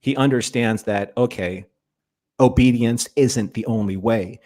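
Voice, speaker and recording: A man's voice: medium pitch, unhurried, a little mellow. A man co-hosting a podcast, talking in a rambling, enthusiastic way about a favorite show. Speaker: podcast co-host. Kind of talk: casual fan discussion.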